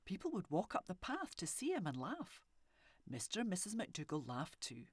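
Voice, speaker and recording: A woman reading a children's story aloud with expressive, animated delivery and soft whispery asides. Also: lowish voice, moderate pace, husky, no echo. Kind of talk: storybook narration.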